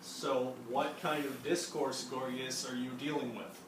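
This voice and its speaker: A young man leading a study group gives a casual classroom presentation on a reading, rambling unhurriedly at a medium pitch with many fillers and restarts. The mic catches him from some distance in an echoey room, with steady background noise underneath.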